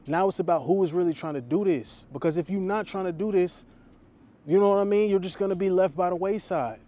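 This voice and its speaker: Young dating coach guy preaching hard, slangy and blunt, kinda high but mellow voice. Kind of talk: motivational straight-to-camera talk.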